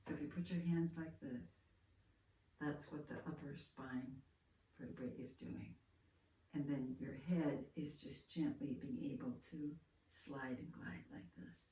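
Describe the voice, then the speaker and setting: A woman teaching a hands-on movement lesson, talking in a gentle, soft-spoken, unhurried way. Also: sits low, steady tone. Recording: roomy, from far off, faint room noise.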